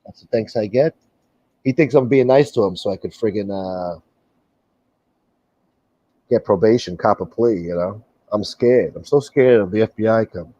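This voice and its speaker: A man hosts a livestream in a casual, profane rant, blunt and sarcastic throughout. His voice is dark and mellow. The audio is dull and lo-fi, with a dry, close sound. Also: on the low side, moderate pace, long pauses, no echo. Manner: blunt, sarcastic, swears a lot. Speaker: livestream host.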